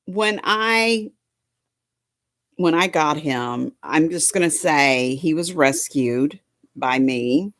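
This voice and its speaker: Lady vlogging from home, slow easy drawl, low-ish voice, dry close mic, talks baby talk to her dog. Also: lively intonation, fairly bright tone, no echo. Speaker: livestream host chatting with viewers. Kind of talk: casual chat to a live audience.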